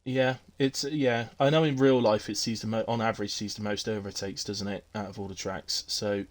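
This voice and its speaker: A man's voice: lowish voice, steady tone, moderate pace. A man hosting a casual post-race chat on his live stream, chatty and teasing, with lots of fillers. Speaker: streamer hosting a sim racing league.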